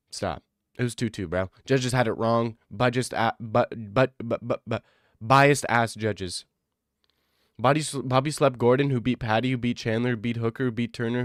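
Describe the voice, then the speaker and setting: Excitable, swearing man streamer. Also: mid-range voice, no room sound, clean studio sound. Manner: excitable, swears, repeats himself. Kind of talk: casual chat reacting to chat.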